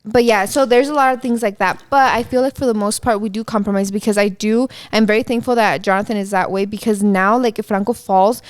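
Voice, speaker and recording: A woman talking earnestly on a casual podcast, with a smooth, clean voice. She is recorded dry and close, explains her views with care, and keeps checking in with a "you know.". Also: medium pitch, fairly even intonation, fairly quick, hardly any pauses, no echo. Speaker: podcast co-host. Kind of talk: casual chat.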